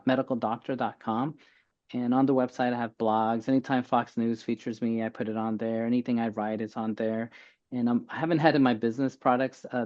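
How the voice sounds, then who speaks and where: Energetic middle-aged man, dull lo-fi sound. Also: mid-range voice. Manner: energetic, explanatory. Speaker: physician guest. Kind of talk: casual interview chat.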